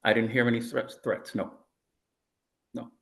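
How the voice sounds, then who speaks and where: A man's voice: mid-range voice, little pitch movement, a little slow, vocal fry. A man, a police officer, answering deposition questions in a guarded, noncommittal way. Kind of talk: deposition testimony.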